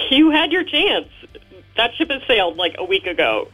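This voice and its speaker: A woman's voice: fairly high pitch, sing-song, moderate pace, fairly bright tone, soft background music, rough recording. Blunt, dismissive woman calling in. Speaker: caller.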